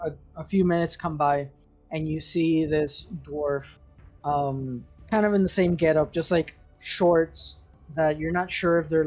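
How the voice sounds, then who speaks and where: A man game master narrating a tabletop scene, meandering through fillers and restarts. He talks slowly in a slightly husky voice, over soft background music. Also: a little high. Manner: rambling, lots of likes and restarts.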